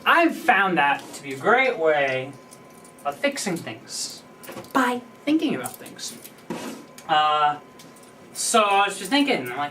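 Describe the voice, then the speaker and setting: A man's voice: on the high side, sing-song, takes it slowly, long pauses, pushed and bright. A young man talking to camera in a casual, rambling personal monologue, full of fillers and restarts as he thinks aloud. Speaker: vlogger. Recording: voice a bit distant from the mic, faint background noise.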